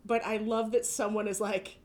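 A woman's voice: medium pitch, flat delivery, normal speed, darkish tone. A young woman co-hosting a casual chat, joking, giggling a lot and swearing freely. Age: young adult. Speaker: podcast co-host.

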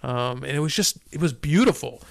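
A man's voice: on the high side, lively intonation, a little fast, gravelly, no echo, studio quality. A man in his fifties sharing a personal faith testimony in a casual, hesitant way, with frequent restarts. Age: 50s. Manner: hesitant, many restarts and fillers.

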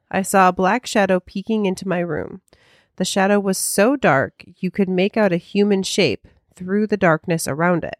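A woman co-hosting a podcast, chatting casually with plenty of fillers and restarts. Her voice sits on the low side for a woman, and the recording is dry and close. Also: no echo. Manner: chatty, filler-heavy, hesitant. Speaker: podcast co-host.

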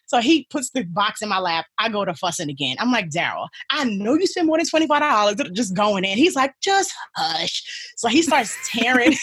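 A young woman telling a story in casual chat, animated and laughing, acting out what people said. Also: medium pitch, brisk, few pauses, breathy edge. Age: young adult. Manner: animated, laughing, acts out quotes. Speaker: guest.

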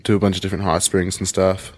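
A man's voice: deep voice, monotone, quick pace, soft background music. A man from Canada in a casual group chat, rambling on and filling his talk with "like". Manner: rambling, full of "like" fillers.

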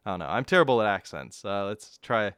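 A man's voice: fairly low pitch, lively intonation, fairly quick, fairly bright tone, clean tone, no room sound, studio quality. A man hosting a casual game review podcast, rambling, self-mocking and laughing often. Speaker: podcast host.

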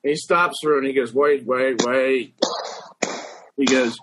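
A man's voice: mid-range voice, steady tone, measured pace, long pauses, background noise. A man of thirty-nine telling funny, self-mocking stories from his youth in casual chat, swearing freely. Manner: profane, self-mocking storyteller.

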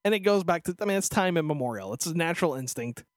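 A man's voice: on the high side, lively intonation, quick pace, no room sound, clean studio sound. A man co-hosting a casual podcast, ranting sarcastically and swearing freely. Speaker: podcast co-host. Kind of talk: casual chat.

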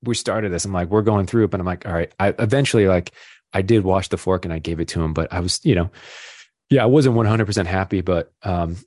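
A man's voice: deep voice, quick pace, darkish tone, no echo, studio quality. A young father as a podcast guest, telling stories in a rambling, self-deprecating way with lots of fillers. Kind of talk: casual chat.

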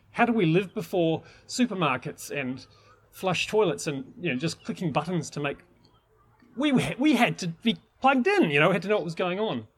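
A man's voice: sits high, husky. A man teaching permaculture in an enthusiastic, rambling way, with many restarts. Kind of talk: informal teaching talk.

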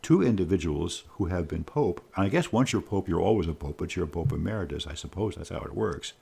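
A man's voice: deep voice, expressive, fast talker, gravelly, a little mellow, slightly rough. A man interviewing a guest in a reflective, rambling way. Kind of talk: conversational interview.

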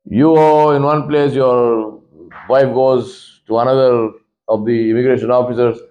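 Male imam delivering a sermon, animated storyteller, speaks directly to listeners. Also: unhurried, highs cut off. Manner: animated storyteller, acts out voices with big pitch swings; conversational, addresses listeners directly.

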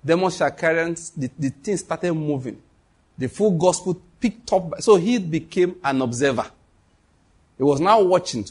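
A man's voice: medium pitch, husky. A man preaching a sermon, telling a story and acting out the dialogue between God and the prophets.

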